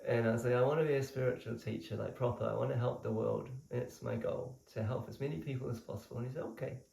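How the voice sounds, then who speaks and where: A young man tells his story in a casual, animated way and laughs easily between thoughts. His voice is strongly gravelly and creaky at a middling pitch. He sits back from the mic, and the room gives it a roomy echo. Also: quick pace, recorded from a distance. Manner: animated, laughs often while telling. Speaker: spiritual seeker telling his story.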